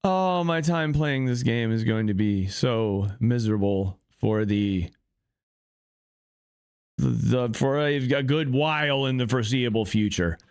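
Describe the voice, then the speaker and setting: A man hosting a gaming channel, commenting on his game, swearing a lot and shouting when things go wrong. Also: fairly low pitch, a little slow, smooth. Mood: furious.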